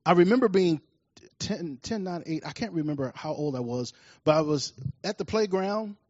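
A man from Washington, D.C. delivers a sermon in a fairly high voice, swinging between lively, acted-out storytelling and soft, quiet reflection. The sound is dry and close, with a slightly dull, muffled tone. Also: normal speed, dry recording. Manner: animated storytelling, acts out scenes loudly. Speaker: preacher.

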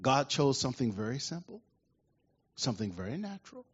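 A man preaching a sermon in an animated way, often asking the congregation questions, with a husky voice. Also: mid-range voice, brisk. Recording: dull lo-fi recording.

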